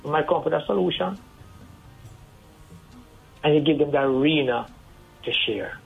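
Radio phone-in guest, husky mid-pitched voice, earnest and advising. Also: normal speed. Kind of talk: radio call-in talk. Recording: tinny phone line over faint music.

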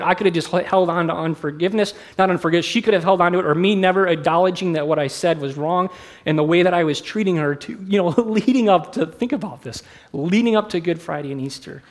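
A middle-aged man, a pastor, preaching a sermon in a candid, conversational way, mixing personal stories with teaching. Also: sits high. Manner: candid, conversational, self-deprecating.

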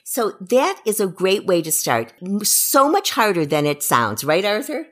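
A woman's voice: medium pitch, very animated, a little slow, a bit bright. A middle-aged woman, an educational psychologist, giving parenting advice on a podcast and acting out what parents and children say.

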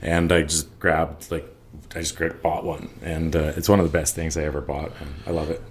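A man in his forties co-hosting a podcast, telling travel stories in a relaxed, casual way with many fillers and restarts. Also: extremely low pitch, a little fast, a little hiss or hum. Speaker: podcast co-host.

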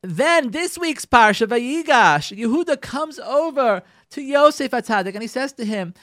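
Man, radio Torah speaker, high and lively, dramatic retelling to the audience, dry close mic. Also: normal speed, few pauses, dry recording. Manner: dramatic storyteller, addresses "ladies and gentlemen", acts out dialogue; repeats and restarts phrases for emphasis. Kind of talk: animated Torah talk.

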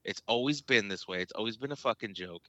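A man's voice: lowish voice, quick pace, sharp tone, no room sound. A man co-hosting a podcast in casual chat, talking emphatically with heavy swearing. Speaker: podcast co-host. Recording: dull lo-fi dry sound.

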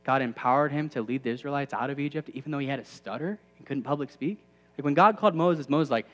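A man's voice: medium pitch, fast, big-room sound. A man in his thirties preaching a sermon to a campus ministry, conversational with self-deprecating asides that build to emphatic peaks.

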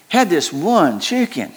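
A middle-aged man delivers a sermon in a folksy, joking way. He rambles and restarts his sentences often. His voice sits a little high for a man. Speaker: pastor.

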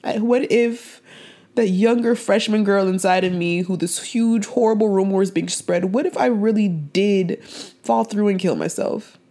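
A young woman speaks in an earnest, heartfelt voice at a medium pitch for a woman. She hosts a faith podcast and rambles a little, circling back and restarting her thoughts. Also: measured pace, mellow. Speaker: podcast host. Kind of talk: faith-based podcast monologue.

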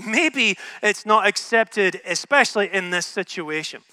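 A man's voice: high-pitched, animated, a little slow, bright, forceful tone, clean tone, no room sound. A Scottish man preaching a sermon to a room, humorous and conversational, often asking "right?". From Scotland. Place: in a room with an audience.

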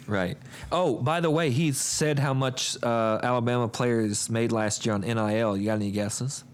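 A man's voice: mid-range voice, moderate pace, smooth. A man from Indiana co-hosting a radio show, joking and bantering casually. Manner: joking, playful. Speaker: radio co-host.

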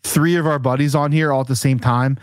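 A man's voice: mid-range voice, fairly even intonation, a little fast, no room sound, studio quality. A man co-hosting a casual sports podcast, rambling and restarting his sentences as he asks questions. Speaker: podcast co-host. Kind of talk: profane casual sports chat.

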